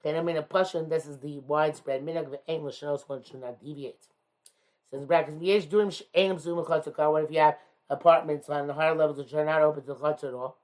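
A man teaching a religious text, reading phrases aloud and explaining each one in English, with many pauses and "uh"s. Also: a little high, fairly even intonation, darkish tone. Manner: reads Hebrew-Aramaic phrases then explains in English, many hesitations. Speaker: Talmud teacher. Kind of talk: text study lesson, reading and translating.

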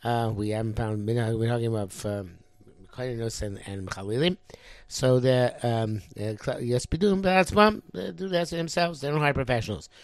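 A middle-aged man works through a religious text, reading each phrase and then translating it. He talks in a halting way, full of ums and restarts, at an ordinary pitch. The sound is dry and close, no room behind it. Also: no room sound. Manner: reads Hebrew phrases then translates them, halting with many fillers. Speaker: Torah teacher.

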